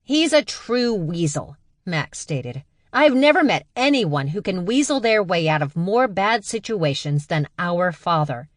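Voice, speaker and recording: Woman doing a loud, sarcastic young woman. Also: lowish voice, sing-song, measured pace, no echo, clean studio sound, pitched above the performer's own voice. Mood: scornful. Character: brash, mocking young woman, sister.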